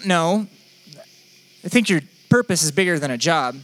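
A man's voice: fairly high pitch, expressive, moderate pace, a bit bright. A young man preaching a sermon in a conversational, playful, self-deprecating way. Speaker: pastor.

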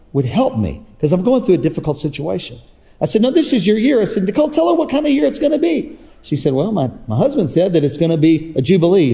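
A man preaching a sermon to his church, telling stories and calling on the crowd to respond. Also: warm tone. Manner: preaching with call-and-response, jumps high in pitch for emphasis. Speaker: pastor. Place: church across several campuses.

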